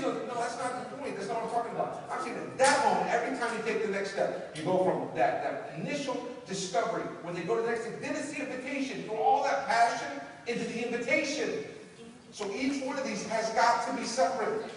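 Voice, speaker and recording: A man giving an energetic motivational training talk, acting out quoted dialogue and shouting for emphasis. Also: very high voice, normal speed, slight background noise. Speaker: network marketing trainer. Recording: echoey hall from far off.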